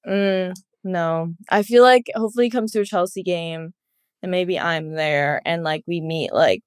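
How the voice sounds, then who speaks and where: A woman's voice: lowish voice, normal speed, smooth, no room sound, studio quality. A twenty-year-old woman from Los Angeles, a guest on a casual podcast interview, giggling often and leaning on "like" as she talks. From Los Angeles, USA. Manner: giggly, laughs often, heavy use of "like". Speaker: guest footballer.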